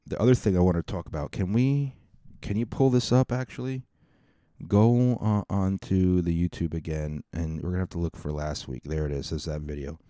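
Crude, rambling man with a deep voice. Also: dark tone, no echo, clean studio sound. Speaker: podcast host. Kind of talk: casual comedic storytelling.

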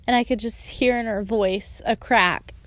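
A young woman tells her own story slowly and earnestly, her voice sitting a little high. She talks casually, stringing thoughts together with "like" and "and so". The recording is dry and close. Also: fairly even intonation, fairly bright tone, no echo. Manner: earnest and emotional, with frequent "like" and "and so". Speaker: storyteller sharing a personal testimony. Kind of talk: personal testimony, casual storytelling.

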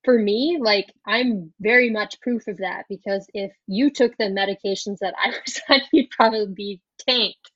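A chatty woman with a Minnesotan Upper Midwest lilt who laughs easily and talks in a casual interview. Her voice comes through dry and a little dull. It sits in a middle pitch. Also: moderate pace, a bit bright, no echo. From South Dakota. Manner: laughs often, chatty with many fillers. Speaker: pharmacist guest.

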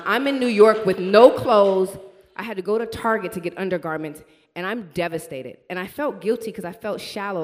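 A woman with a lowish voice tells a personal story in a casual faith conversation. She talks in an animated, breathless way and acts out other people's lines. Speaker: guest sharing a testimony.

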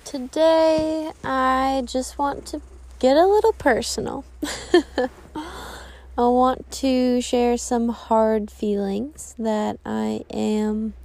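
A woman's voice: on the high side, fairly even intonation, very slow, gravelly, darkish tone. A young woman hosting a podcast, sharing personal feelings in a candid, rambling monologue with restarts. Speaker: podcast host.

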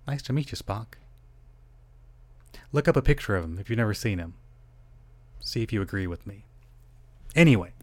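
A man's voice: on the low side, no room sound. A middle-aged man hosting a solo podcast, rambling, interrupting himself and swearing casually. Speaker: podcast host.

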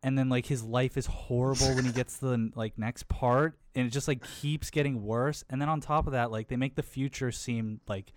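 A man's voice: mid-range voice, steady tone, moderate pace, few pauses, noisy background. A young man talking casually and rambling, with many fillers and plenty of swearing. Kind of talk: casual chat.

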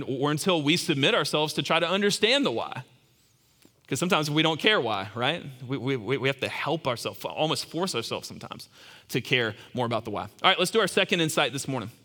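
A man's voice: mid-range voice, bright, forceful tone, in a large hall. A man in his thirties preaching a sermon in a conversational, emphatic way, often restarting words. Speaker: pastor.

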